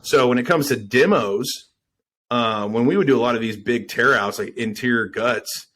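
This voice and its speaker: A man's voice: mid-range voice, moderate pace, fairly bright tone. A man talking casually on a business podcast, rambling with fillers and swearing.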